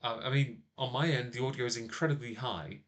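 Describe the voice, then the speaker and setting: The host of this laid-back live stream is a man with a mid-range, slightly bright voice who talks a little fast. Recording on a laptop microphone in a small home office, he rambles, uses lots of fillers, and teases his co-host.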